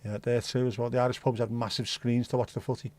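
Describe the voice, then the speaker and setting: A man's voice: mid-range voice, level tone, fast talker. Sweary rambling man. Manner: answers chat comments out loud. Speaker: livestream host. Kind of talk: casual chat with a live audience.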